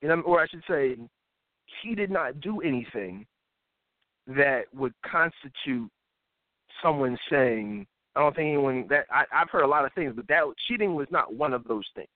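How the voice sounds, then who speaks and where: Animated and prone to imitating other people's voices, a male live talk show host delivers casual political commentary. He speaks at normal speed with a medium pitch, in a dry recording that sounds phone-like.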